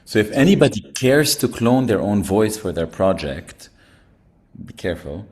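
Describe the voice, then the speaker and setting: A man with a lowish voice co-hosts an online workshop. He is upbeat and jokey as he tells participants what to do next. He speaks into a computer mic on a video call. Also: big pitch swings, moderate pace, darkish tone. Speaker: workshop co-host.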